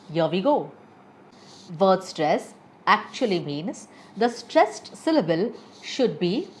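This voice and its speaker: A woman teaching English pronunciation, reading word lists slowly and stressing syllables deliberately. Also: on the low side. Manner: reads word lists aloud with exaggerated stress. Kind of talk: slow, deliberate pronunciation lesson.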